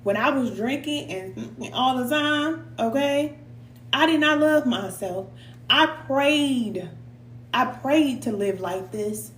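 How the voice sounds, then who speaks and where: A woman's voice: high voice, expressive, takes it slowly, fairly bright tone, roomy sound, a little hiss or hum. A middle-aged woman giving a heartfelt, preacher-like spiritual talk, at times emotional and sighing, with casual slang. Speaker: spiritual reader and coach. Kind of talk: live tarot reading and motivational talk.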